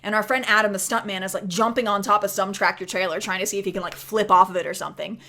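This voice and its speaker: A woman telling a spooky story in a chatty, animated way, dropping into whispers for the scary parts. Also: mid-range voice, quick pace. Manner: chatty, many fillers of "like". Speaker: vlogger. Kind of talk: casual storytelling.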